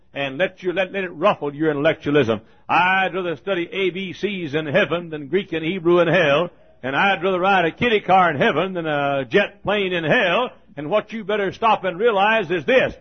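A man preaching a fiery sermon as pastor, folksy and rising to thundering shouts. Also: a little high, moderate pace. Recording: lo-fi recording.

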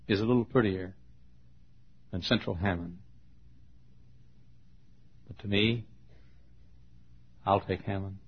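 A man's voice: fairly low pitch, breathy edge. An older man, a pastor, telling a folksy story in a sermon, often repeating words and coughing. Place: church auditorium. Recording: dull lo-fi recording.

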